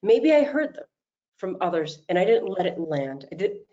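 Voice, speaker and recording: A middle-aged woman coach speaks in a fairly low voice, telling stories with lively energy. The sound is dull and lo-fi, like video call audio. She often acts out what people said. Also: normal speed. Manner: animated storytelling, acts out quotes. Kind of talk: motivational talk.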